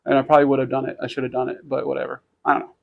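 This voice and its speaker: Man podcast co-host, gravelly mid voice, rambling casual storyteller. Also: medium pitch, completely flat delivery, very fast, narrow, tinny audio. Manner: rambling, many restarts and fillers, laughs while telling stories.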